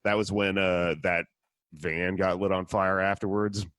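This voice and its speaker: A man's voice: low-pitched, flat delivery, unhurried, a bit bright, smooth, dry recording, clean studio sound. A man hosting a casual podcast, telling a story in a profane, sardonic way. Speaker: podcast host.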